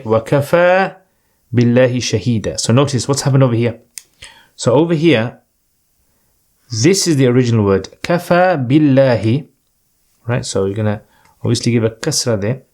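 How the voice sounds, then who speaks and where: A man's voice: mid-range voice, darkish tone. Patient man teaching Arabic grammar. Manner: patient, checks in with "right?" often. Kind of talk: explanatory lesson with recitation.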